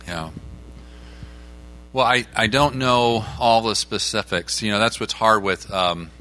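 A man with a very deep voice and a bright, forceful tone answers callers on a call-in show. He explains things plainly, like a teacher. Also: unhurried.

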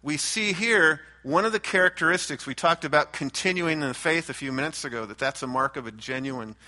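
A man preaching a verse-by-verse sermon with a bright, forceful voice. He talks earnestly, restarts his phrases, and lifts into lively voices when he quotes the scripture or the crowd. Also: fairly high pitch, brisk. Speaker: pastor. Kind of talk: expository sermon.

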